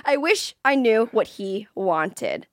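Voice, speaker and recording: A woman hosting a comedic podcast, playful and quick to laugh in casual chat. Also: a little high, animated, no echo, clean studio sound. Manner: playful, giggly, quick reactions. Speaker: podcast host.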